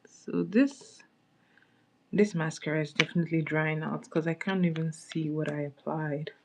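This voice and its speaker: A woman's voice: deep voice, fairly even intonation, moderate pace, a little hiss or hum. A woman hosting a casual makeup livestream, chatting with viewers and greeting them by name as she applies products. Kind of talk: casual live-stream chat.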